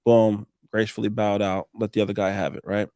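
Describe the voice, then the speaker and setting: A roofing business owner telling a blunt, animated story as a podcast guest and acting out what people said. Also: male voice, fairly low pitch, a little fast, dry recording, studio quality. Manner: animated, acts out quotes, blunt with swearing. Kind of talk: casual storytelling.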